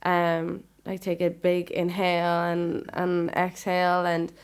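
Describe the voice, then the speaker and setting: A woman with an Irish accent, a singer-songwriter guest, talking earnestly and calmly, often ending with "you know?". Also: lowish voice, slow, smooth. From Ireland. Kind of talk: casual interview chat.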